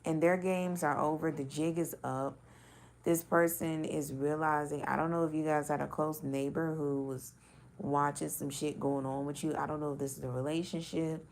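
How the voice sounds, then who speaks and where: A woman's voice: low voice, steady tone, moderate pace, slight background noise. A woman giving a casual intuitive reading, talking loosely and bluntly with swearing and many filler words. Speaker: spiritual card reader.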